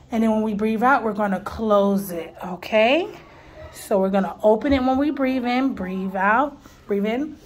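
Slow, soothing young woman teacher. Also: a little high. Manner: soothing, patient, reassuring. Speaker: teacher calming a child. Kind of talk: gentle coaching of a young child. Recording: noticeable background noise.

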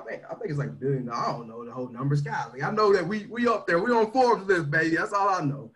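Brief: energetic man hyping his team in a slangy leadership livestream, voice sits a bit high. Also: fast talker, few pauses, low-quality recording. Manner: energetic and slangy, swinging between loud pushes and quiet asides. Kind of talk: motivational livestream talk.

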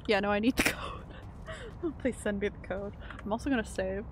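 A woman's voice: medium pitch, steady tone, moderate pace, background noise. A woman streaming a video game, chatting casually, laughing often and answering her chat. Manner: chatty, giggly, reads chat aloud.

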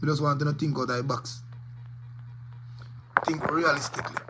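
A man's voice: on the high side, steady tone, normal speed, very noisy. A man with a Jamaican accent, a DJ giving rambling commentary to his viewers in patois peppered with curses. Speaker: DJ and vlogger. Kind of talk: casual commentary to camera.

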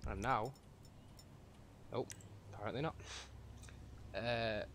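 A man's voice: on the low side, slow pace, fairly bright tone, slight background noise. A man streaming a game, rambling and self-mocking as he plays and swearing freely. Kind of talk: casual gameplay commentary.

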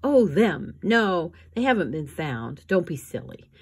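Brief: a gushing rich socialite, put on by a husky-voiced woman reader, breathless, eager and high-strung. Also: sing-song, unhurried, full character voice. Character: excitable, trend-obsessed rich society woman. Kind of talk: audiobook reading.

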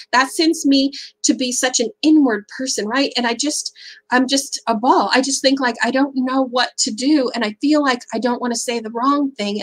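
A woman's voice: high voice, low-quality recording. A middle-aged woman speaking at a faith-based seminar, candid and conversational, often checking in with "right?".

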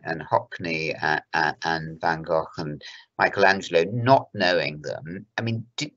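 A man's voice: low voice, a bit bright, dull audio. A man hosting an interview, asking circling, probing questions. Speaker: host, interviewer. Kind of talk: conversational interview.

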